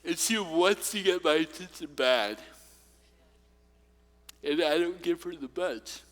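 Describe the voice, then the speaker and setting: A man with a notably high voice preaches slowly and deliberately, mixing light humor with earnest encouragement. His words ring out with a long echo through a large church hall. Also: fairly bright tone. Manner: humorous, personal storytelling. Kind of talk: sermon.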